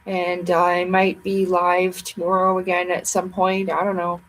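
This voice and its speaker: A woman's voice: fairly low pitch, monotone, measured pace, slight background noise, rough recording. A tired woman chatting playfully and ramblingly with viewers on a casual livestream.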